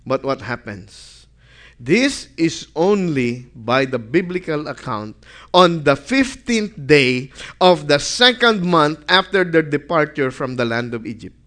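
A man with a medium-pitched, fairly bright voice preaches a sermon. He reads scripture aloud with rising emphasis and poses questions to the congregation that he then answers himself.

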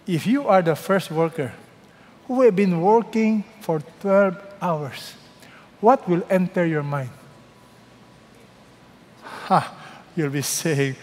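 A man with a Filipino accent preaching a sermon, animated and quizzing his congregation, playing out the voices of the people in the story. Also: high voice, takes it slowly, pauses often, big-room sound. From Philippines. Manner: animated, asks the congregation questions and acts out voices. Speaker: pastor.

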